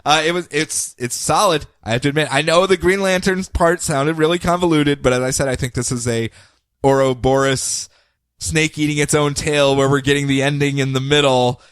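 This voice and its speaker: Male podcast host, animated recapper, slightly high voice, dry sound. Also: normal speed, smooth, no echo. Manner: animated, laughing, acts out scenes. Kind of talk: casual chat recapping comics.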